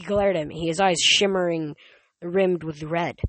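An audiobook reader tells a first-person story at an even middle pitch, unhurried, steady and plain, with an occasional stumble and restart. The mic is close in a dry, dead space with no echo, and the recording is rough.

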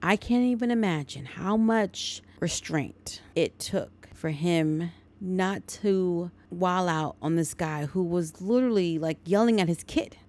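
A woman podcast host walks through a film plot in a relaxed, chatty way, stopping often to add her own opinions and asides. Her voice sits at an everyday middle pitch. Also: measured pace, hardly any pauses. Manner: chatty, editorializing. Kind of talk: casual movie recap.

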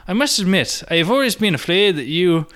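An Irish man reading a letter as a pompous young male wizard, halting and slipping back into his own accent. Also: high voice, sing-song, a bit bright, clear, resonant tone.

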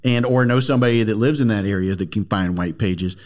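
A man's voice: on the low side, fast talker, darkish tone. A man hosting a podcast, chatting casually, asking follow-up questions and reflecting aloud. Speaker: podcast host. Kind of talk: casual interview chat.

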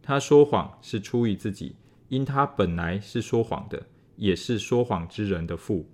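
A man with a somewhat low voice reads scripture aloud, keeping an even and measured pace.

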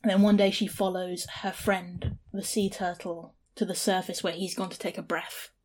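A woman's voice: lowish voice, normal speed, husky. A woman hosting a casual chat, animatedly retelling a picture book. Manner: animated storyteller, chatty.

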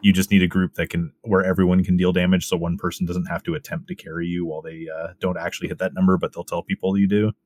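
A man co-hosting a casual gaming podcast, calmly explaining how group play works. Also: sits low, fast, hardly any pauses. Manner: explanatory, laid-back. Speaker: podcast co-host.

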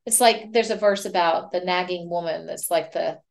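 A woman's voice: fairly low pitch, moderate pace, creaky. A woman co-hosting a casual faith-based podcast, often chiming in with short agreeing words. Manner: chimes in with short affirmations. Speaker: podcast co-host.

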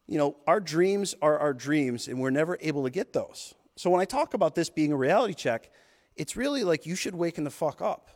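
Male podcast host, 30s, intense and profane motivational delivery, slightly high voice, reverberant hall sound. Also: animated, fairly quick. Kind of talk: motivational monologue.

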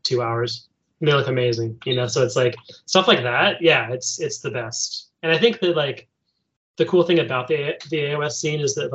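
A man in casual podcast chat, easygoing and full of "like" fillers. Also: medium pitch. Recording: dull lo-fi sound.

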